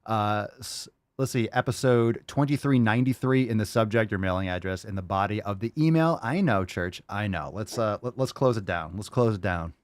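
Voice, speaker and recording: A man's voice: on the low side, normal speed, no room sound, clean studio sound. A man hosting a casual podcast, swearing freely and scolding his barking dogs between segments. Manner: profane, scolds barking dogs mid-show. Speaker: podcast host.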